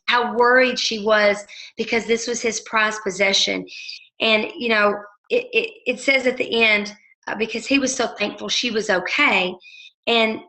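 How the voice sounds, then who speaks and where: A woman leading a book study group, telling stories in a casual way and reading out passages, with lively shifts into quoted voices. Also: on the high side, poor audio. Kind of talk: casual storytelling and book discussion.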